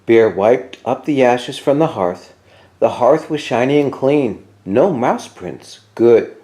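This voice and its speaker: Animated man reading a children's story. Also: medium pitch, slow pace. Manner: expressive and animated. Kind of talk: children's story read-aloud.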